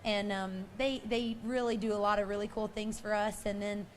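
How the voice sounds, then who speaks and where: A woman who is out of breath, chatting excitedly as a guest in a live stage interview. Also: mid-range voice, moderate pace, crowd noise. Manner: bubbly and excited. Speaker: guest, barrel racer.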